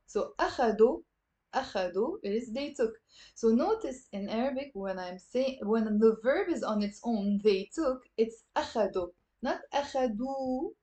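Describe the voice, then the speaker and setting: A woman's voice: fairly high pitch, rough recording. Encouraging Lebanese woman teaching Arabic. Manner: lively, encouraging, mixes English with Arabic and stretches words slowly for repetition. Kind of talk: live online language lesson.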